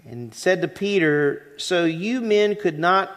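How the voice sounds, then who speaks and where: A middle-aged man preaching a sermon in a conversational way, asking the congregation questions and slowing down on key phrases. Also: sits high. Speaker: pastor. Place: church sanctuary. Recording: church sanctuary with long reverb.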